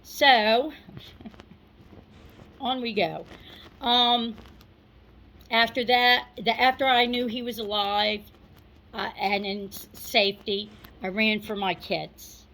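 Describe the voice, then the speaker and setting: Middle-aged woman storyteller, fairly high voice, slow and chatty, sharing a personal memory. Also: steady tone, low-quality recording. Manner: unhurried and conversational, with asides and soft laughs. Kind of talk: personal recollection, told to an audience.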